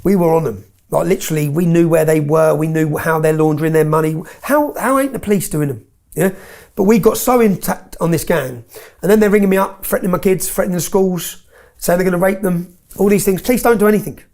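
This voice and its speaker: A man's voice: sits high, brisk, creaky, darkish tone. A man tells his story in an interview, bluntly and with swearing, often checking in with "yeah?".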